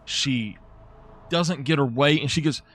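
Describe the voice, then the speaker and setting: A man's voice: a little high, unhurried, fairly bright tone. A man, chatting while live-streaming a game and venting in an exasperated way.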